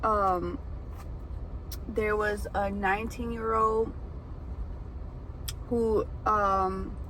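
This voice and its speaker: A woman who braids hair, telling a story in a casual, animated way with lots of fillers. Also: medium pitch, slight background noise, low-quality recording. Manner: animated, chatty, many fillers. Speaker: hairbraider and food vlogger. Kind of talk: casual storytelling while eating.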